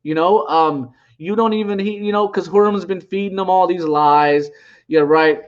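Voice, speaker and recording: A man's voice: high voice, normal speed. A man in his forties rambling through a retelling of an online argument, trash-talking and mocking as he goes. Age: 40s. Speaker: channel host. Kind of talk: casual storytelling monologue. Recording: dull lo-fi audio.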